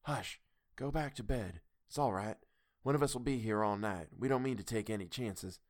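Man doing watchful guard, hushed whisper, slow calm reassurance, low voice, dry close sound. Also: no echo, natural voice.

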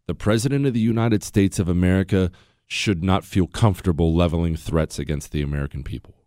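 A man hosting a talk radio show, indignant and swinging between loud outbursts and low mutters into a studio microphone. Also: dry recording.

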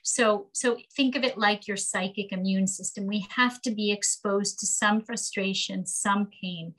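A woman's voice: mid-range voice, measured pace, a bit bright, low-quality recording. A woman speaking as a psychoanalyst and parenting expert guest in an interview, explaining emphatically and often checking in with "right?".

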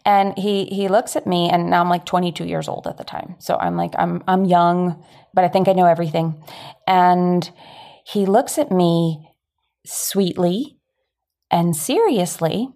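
A woman's voice: on the low side, unhurried, dark tone. A woman, telling a personal story in a candid, chatty, self-deprecating way as a talk host.

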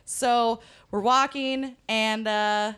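Young woman, from Minnesota, slightly high voice, animated storytelling, laughs often. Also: very slow, clear, resonant tone. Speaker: guest. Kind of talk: casual storytelling.

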